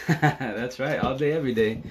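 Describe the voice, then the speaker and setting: Fast-talking, excitable man live streaming. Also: medium pitch. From Seattle area. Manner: fast, excitable, slangy and profane with constant fillers. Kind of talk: casual Facebook Live monologue.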